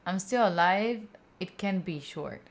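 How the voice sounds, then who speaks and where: A woman's voice: fairly low pitch, expressive, a little slow. A young woman with an Italian accent, hosting a study livestream and chatting playfully with viewers between work sessions. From Italy. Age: young adult. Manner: playful, giggly, chats back to viewers. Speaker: study-stream host. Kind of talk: casual livestream chat, reading comments.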